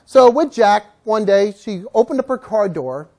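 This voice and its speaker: Animated man telling dog-training stories. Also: sits high, normal speed. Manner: animated, acts out quoted voices. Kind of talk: storytelling lecture to a class.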